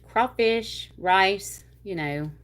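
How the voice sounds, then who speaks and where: A woman's voice: mid-range voice, a bit bright. A woman from Louisiana with a North Louisiana Southern accent, hosting a livestream and chatting casually with viewers in a rambling way. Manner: chatty, rambling, with y'all and drawn-out words. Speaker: livestream host. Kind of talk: casual chat reading viewer comments.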